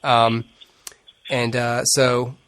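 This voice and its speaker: Sex: man. Role: podcast host. Pace: slow and drawn out. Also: mid-range voice, monotone, fairly bright tone. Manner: drawn-out, filler-heavy segues. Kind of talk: casual podcast hosting.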